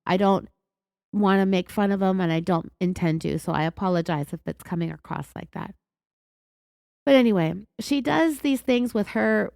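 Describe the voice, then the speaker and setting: Raspy californian woman, true crime host. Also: mid-range voice, a little mellow, no echo, studio quality. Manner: indignant, sarcastic storytelling. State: raspy from being sick. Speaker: podcast host. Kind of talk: true crime podcast commentary.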